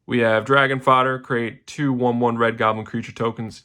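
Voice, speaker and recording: A man's voice: mid-range voice, little pitch movement, moderate pace, hardly any pauses, pushed and bright, clear, resonant tone. A young man casually walking through his card game deck, loose and rambling, with slangy asides and fillers. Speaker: deck tech host.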